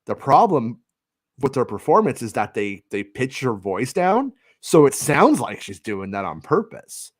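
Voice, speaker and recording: A man hosting a casual podcast chat, animated and swearing casually, who also reads out news items. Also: mid-range voice, unhurried, no room sound, clean studio sound. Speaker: podcast host.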